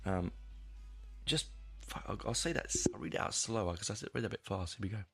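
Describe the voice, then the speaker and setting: A man with a fairly low, gravelly voice hosts a music podcast on his own. He talks through an album in a loose, unscripted way, full of "um"s and restarts, and he swears casually now and then. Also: expressive, brisk. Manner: rambling and hesitant, many fillers, casual swearing. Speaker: podcast host. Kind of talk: casual music review monologue.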